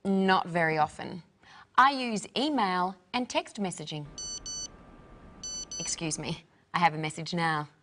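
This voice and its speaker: A woman's voice: on the low side, expressive, a little slow, pauses often, a bit bright. Woman co-presenter explaining plainly. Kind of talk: casual scripted chat.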